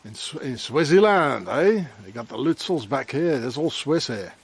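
A man's voice: mid-range voice, sing-song, normal speed, breathy edge. A man rambling through a walking tour vlog of castle ruins in a forest, muttering asides and slang, recorded on a handheld camera outdoors. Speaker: travel vlogger. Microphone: handheld camera mic.

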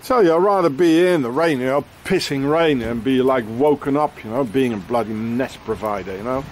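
Out in the rain, a man rants angrily and rambles, cursing often and plugging every pause with "you know" and "eh?". His voice sits in the mid range, with a little hiss or hum on the recording.

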